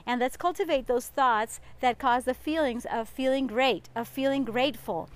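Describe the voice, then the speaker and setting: A woman's voice: high voice, moderate pace. A woman hosting a podcast as a life coach, chatting in an encouraging way, laughing often and reading some facts aloud. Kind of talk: casual podcast monologue.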